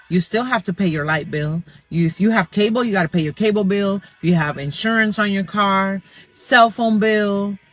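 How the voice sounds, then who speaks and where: A man with a fairly high voice talks to camera and works through sums one step at a time. Faint music plays behind him. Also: a bit bright, low-quality recording. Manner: walks through figures step by step. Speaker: commentator. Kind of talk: explaining to camera.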